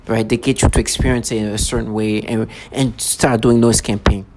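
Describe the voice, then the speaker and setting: A man's voice: on the low side, level tone, brisk. Agitated rambling man, noisy home recording. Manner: agitated, repetitive, many restarts. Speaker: vlogger. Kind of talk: rambling to-camera monologue.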